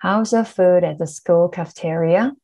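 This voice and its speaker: A woman's voice: lowish voice, normal speed, warm tone, highs cut off. A woman teaching a grammar lesson, patiently explaining step by step and checking in with the learners. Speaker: Korean language teacher.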